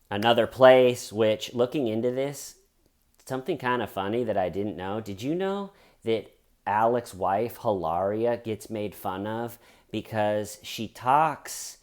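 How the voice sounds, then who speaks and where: A man giving comedic true crime commentary in a sarcastic, jokey way. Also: lowish voice.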